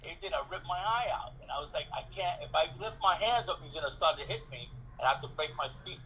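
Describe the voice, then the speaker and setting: A man being interviewed, telling a story in a casual, animated way, acting out dialogue and swearing freely. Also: fairly high pitch, fast talker, a little hiss or hum. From New York City. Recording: dull lo-fi recording.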